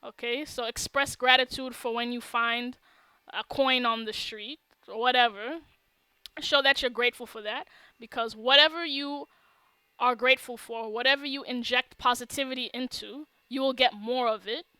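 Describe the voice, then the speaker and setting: A woman teaching the law of attraction in an emphatic talk to camera, often pausing to check in with "okay?". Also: a little high, steady tone, bright, forceful tone, clear, resonant tone, no echo.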